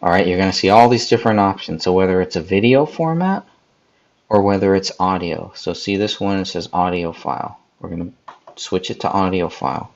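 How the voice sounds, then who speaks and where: Gravelly low-voiced man walking through an edit. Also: a little fast, highs cut off. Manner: talks viewers through each step, casual and chatty; speaks to live chat viewers. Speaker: podcast host. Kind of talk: live editing tutorial.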